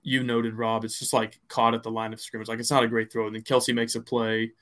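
A man's voice: medium pitch, flat delivery, brisk, a bit bright. Rambling man in casual sports chat. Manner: rambling, many fillers and restarts. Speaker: podcast co-host.

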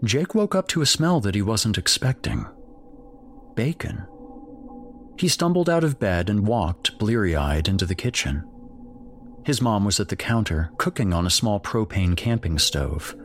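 Deep-voiced man narrating a horror story. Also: expressive, measured pace, slight background noise.

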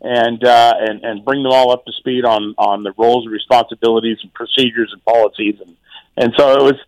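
A medium-pitched, steady-toned middle-aged man who serves as a township mayor talks loosely as a radio guest. He speaks haltingly, often restarting, repeating words and using fillers. The recording is dry and rough.

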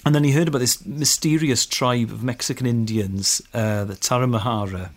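A man's voice: mid-range voice, moderate pace. A man co-hosting a podcast, telling stories in a casual, enthusiastic way and laughing often. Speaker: podcast co-host. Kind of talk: casual chat.

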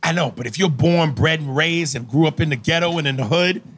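A man's voice: on the high side, a little fast, a bit bright, slight background noise. A man hosting a podcast in casual banter, reading listener emails in a brash, profane, teasing way. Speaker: podcast host.

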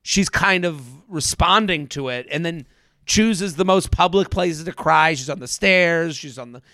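A man's voice: a little high, unhurried, bright, forceful tone, dry recording, clean studio sound. A man co-hosting a casual podcast, talking animatedly and acting out quotes in mimicking voices, with frequent laughs. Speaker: podcast co-host. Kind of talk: casual chat recapping a reality show.

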